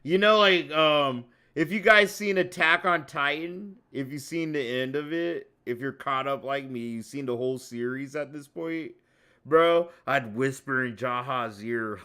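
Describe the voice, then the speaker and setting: A man's voice: mid-range voice, a little slow, pushed and bright, clean tone. A man streaming and giving a crude, profane reaction rant with heavy swearing.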